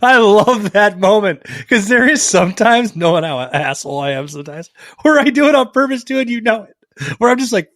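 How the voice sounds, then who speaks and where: A man's voice: high-pitched, animated, a little fast, no echo, studio quality. Profane, laughing podcast co-host man. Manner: profane, laughing, swings loud and soft. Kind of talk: casual crude banter.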